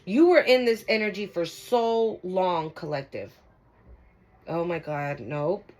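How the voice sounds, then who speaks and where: A woman's voice: lowish voice, slow, darkish tone, poor audio. A woman giving a casual tarot card reading to viewers, talking emphatically and repeating herself, with frequent swearing. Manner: emphatic, repetitive, profane, addresses viewers directly. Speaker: tarot reader.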